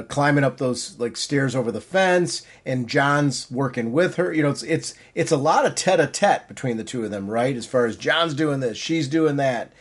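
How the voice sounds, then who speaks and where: A man co-hosting a comics podcast, talking in an eager, rambling way with frequent restarts. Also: medium pitch. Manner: enthusiastic, rambling, many restarts. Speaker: podcast co-host. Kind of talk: casual chat.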